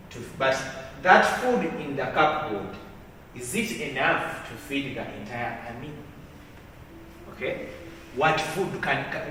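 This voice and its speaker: A male teacher leading a literature lesson in a classroom, asking questions and repeating phrases as he dictates notes slowly. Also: medium pitch, fairly bright tone, a little hiss or hum. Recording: echoey classroom from far off.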